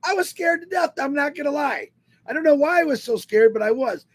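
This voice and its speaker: A man telling a personal story to an online webinar audience in an animated, emotional way. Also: very high voice, a little fast. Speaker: webinar speaker.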